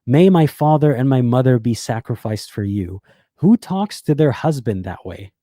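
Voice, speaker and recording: A man's voice: mid-range voice, animated, moderate pace, mellow, no room sound, studio quality. A man giving blunt, sarcastic reaction video commentary, swearing freely and restarting phrases as he thinks aloud. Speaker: YouTube commentator.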